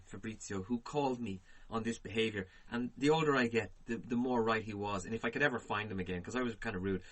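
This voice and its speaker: A man, co-hosting a podcast and telling profane, animated stories in casual chat. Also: mid-range voice. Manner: profane, animated, laughs through his stories. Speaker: podcast co-host.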